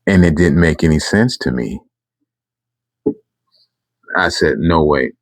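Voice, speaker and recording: Very deep-voiced man telling a rambling story. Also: animated, slow, no echo. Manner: rambling, self-correcting, emphatic. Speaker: channel host telling a story. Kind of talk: casual storytime monologue.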